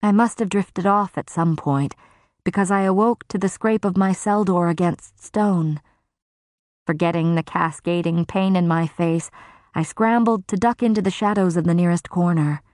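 A woman narrating a first-person fantasy novel in a measured, grave manner. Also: lowish voice, a little mellow, dry recording, clean studio sound. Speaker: audiobook narrator.

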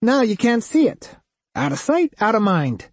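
A man voicing a tired woman waitress in an audiobook, with a flat, nasal voice. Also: high-pitched, measured pace, no echo, pitched above the performer's own voice, heavily acted. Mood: weary.

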